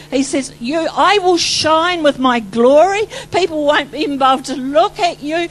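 Over a faint hum and rough recording, a New Zealand woman preacher delivers an excited, rambling testimony sermon. Her high voice swings between loud exclamations and hushed asides.

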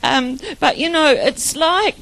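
A woman's voice: sits high, slow, gravelly, a bit bright, low-quality recording. A middle-aged woman giving an informal sermon full of personal stories, chatty and rambling, often laughing. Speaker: preacher.

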